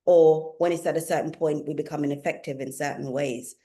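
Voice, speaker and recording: A woman giving a spiritual talk, explaining ideas calmly and repeating key phrases for emphasis. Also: low voice, brisk. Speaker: spiritual teacher.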